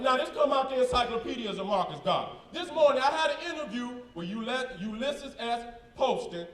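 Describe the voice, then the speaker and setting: A man's voice: extremely high pitch, a bit bright, roomy sound, recorded from a distance. A man in a live debate, reading documents aloud with emphatic, combative slang asides. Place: event hall with a crowd.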